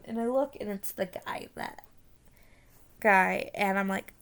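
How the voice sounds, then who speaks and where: A young woman casually recounting a dream in a rambling, halting way, full of fillers and restarts, often dropping into whispers. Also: mid-range voice, a bit bright, smooth. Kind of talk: casual storytelling.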